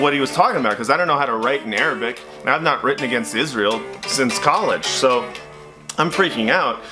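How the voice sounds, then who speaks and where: Male comic storyteller, animated, impressions and sound effects, music playing under him. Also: a little high. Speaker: stand-up comedian. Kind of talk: stand-up storytelling.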